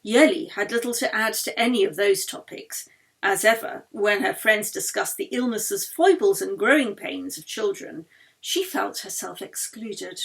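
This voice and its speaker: A woman author reading her own novel aloud in a measured, expressive way. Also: medium pitch, vocal fry. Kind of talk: audiobook narration.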